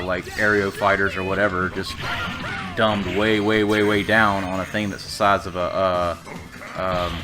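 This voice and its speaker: A man rambling through casual gameplay commentary, profane and full of fillers. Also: on the low side. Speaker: let's play gamer.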